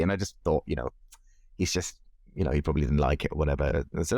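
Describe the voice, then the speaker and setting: Low-voiced man telling lively anecdotes. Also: quick pace, dry recording, studio quality. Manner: animated anecdotes, laughs often, acts out quoted voices. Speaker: musician guest. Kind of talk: casual interview storytelling.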